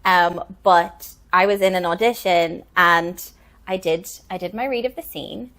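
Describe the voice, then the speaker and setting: A young actress hosting a casual chat, laughing often and telling stories with animated energy. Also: female voice, lowish voice, unhurried. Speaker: actress and channel host.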